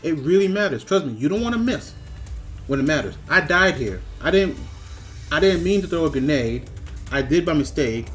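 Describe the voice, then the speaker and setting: A man reviewing a video game in a scripted voice-over, breaking into animated, mock-outraged rants with repeated questions. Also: a little high, moderate pace, faint music behind.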